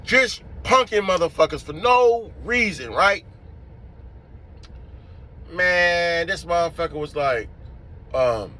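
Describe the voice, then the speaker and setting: Guy telling a wild story, swearing a lot, acting it all out, bright sharp voice. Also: on the high side, slow pace, long pauses. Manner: profane, animated, acts out scenes. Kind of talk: casual storytelling to camera.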